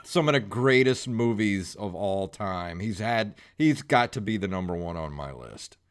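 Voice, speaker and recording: A man's voice: lowish voice, lively intonation, unhurried, clean tone. A man in casual podcast chat, talking enthusiastically about his favorites.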